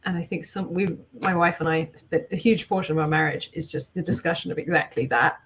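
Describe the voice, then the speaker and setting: An English woman with a fairly low speaking voice talks casually on a group art stream. She explains ideas patiently and at length, filling pauses with ums as she thinks. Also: steady tone, background noise. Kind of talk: casual chat.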